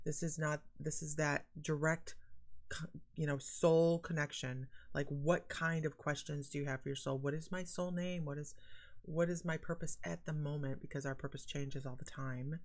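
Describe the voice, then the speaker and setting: A woman hosting a casual psychic livestream, chatting animatedly and reading out viewer comments. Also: low voice. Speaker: psychic medium host.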